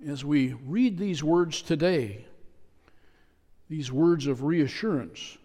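A man's voice: a little high, animated, dark tone. Man preaching in a reverberant church. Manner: measured, repetitive preaching with emphatic pauses. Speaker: pastor. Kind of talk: sermon. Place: church sanctuary. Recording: long reverb of a church hall.

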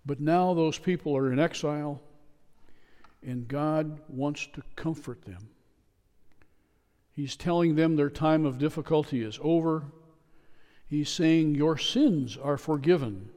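A man preaching a sermon in a church, speaking in a measured, repetitive way with emphatic pauses. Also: on the high side, steady tone, warm tone. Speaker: pastor. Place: church sanctuary. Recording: long reverb of a church hall.

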